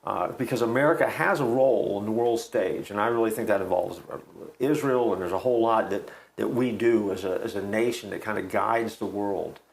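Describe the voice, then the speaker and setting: Male co-host, reflective and halting, gravelly texture. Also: lowish voice, poor audio. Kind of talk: casual chat.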